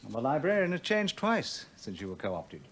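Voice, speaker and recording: A dry, probing university official. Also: male voice, mid-range voice, huge pitch swings, fairly bright tone, a little hiss or hum. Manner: measured, dry, insinuating. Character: smooth, probing male university official, coolly ironic. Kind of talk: 1980s television drama.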